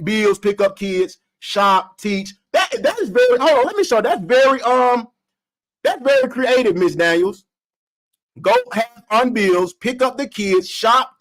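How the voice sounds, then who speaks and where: A man putting on the voice of a smug male relationship guru who lectures in a calm, condescending, mock-serious way. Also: high voice, heavily acted, low-quality recording. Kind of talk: comedic impression.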